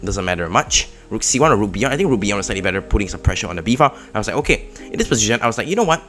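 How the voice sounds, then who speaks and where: A man giving casual, excitable commentary on his own chess game, with sudden loud outbursts. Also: on the low side, rapid-fire, soft background music. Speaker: chess vlogger.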